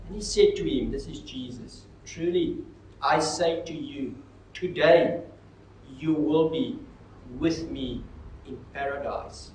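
A man delivers a sermon at an unhurried pace, his slightly high voice rising into emphatic swells and dropping into quiet pauses. The sound is roomy and reverberant, with the mic some distance away and faint room noise behind. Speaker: pastor. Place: church. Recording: echoey hall, mic far off.

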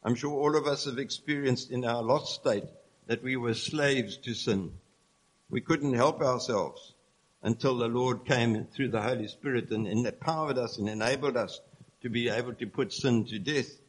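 A man delivering a sermon in an earnest, explanatory tone. His voice sits at an ordinary middle pitch, and he moves steadily from one point to the next, reading scripture aloud along the way. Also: normal speed, low-quality recording. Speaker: preacher.

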